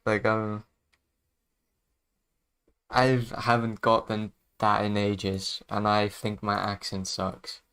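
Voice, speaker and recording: A man's voice: on the low side, monotone, slow, pauses often, a bit bright, smooth. A man chatting casually on his livestream as a music producer, laid-back and chuckling often, trailing off mid-sentence.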